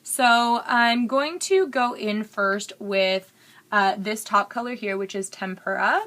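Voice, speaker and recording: A woman's voice: mid-range voice, takes it slowly, fairly bright tone. A young woman chatting candidly while doing her makeup in a get-ready-with-me vlog, rambling and full of fillers. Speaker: beauty vlogger.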